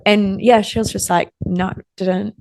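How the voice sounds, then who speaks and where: A woman's voice: medium pitch, steady tone, unhurried, vocal fry, a little mellow, slight background noise. A young woman sits in for a casual interview. She tells her stories in a loose, chatty way full of fillers and acts out what people said to her. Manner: chatty storyteller, lots of "like", acts out quoted exchanges. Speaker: interview guest.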